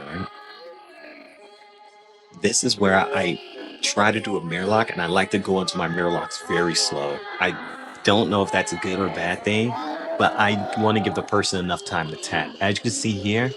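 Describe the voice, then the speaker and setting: A man's voice: low-pitched, moderate pace, music in the background. A man casually breaking down footage of his own grappling match, loose and self-critical, often checking in with "right?".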